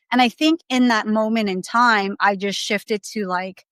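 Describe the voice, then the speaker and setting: A woman's voice: medium pitch, a bit bright, clean tone, no room sound. Candid woman with dry close sound. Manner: candid, rambling with many "like"s and restarts. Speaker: podcast guest. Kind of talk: casual interview storytelling.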